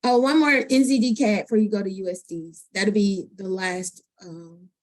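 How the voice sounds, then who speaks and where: A woman on a casual group call about trading, chatty and asking quick questions. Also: mid-range voice, fairly even intonation.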